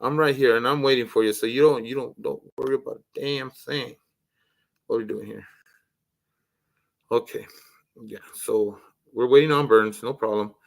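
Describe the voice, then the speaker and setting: A man hosting a casual voice chat stream who rambles, swears heavily and breaks into loud rants. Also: mid-range voice, fairly even intonation, normal speed, gravelly, pauses often. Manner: profane, rambling, rants loudly. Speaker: livestream host.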